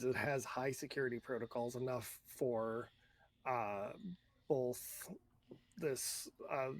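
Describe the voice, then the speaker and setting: Slow, halting male game master. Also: medium pitch, noisy background. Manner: halting, descriptive narration. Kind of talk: narrating a tabletop role-playing game.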